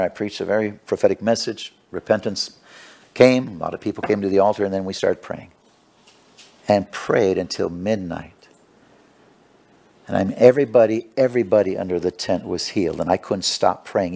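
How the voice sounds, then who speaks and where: A man preaching a sermon. He reads scripture aloud, then tells stories in a halting way, with many restarts. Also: gravelly. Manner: swings between loud preaching and low quiet storytelling.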